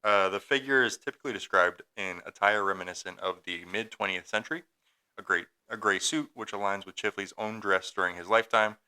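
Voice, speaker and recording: A young man with a deep, clear, resonant voice reads a haunted-hotel story for a casual podcast. He stumbles over his notes at times but keeps the narration going. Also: brisk, bright, forceful tone. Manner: reads a script with stumbles, then jokes and laughs. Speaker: podcast co-host telling a ghost story.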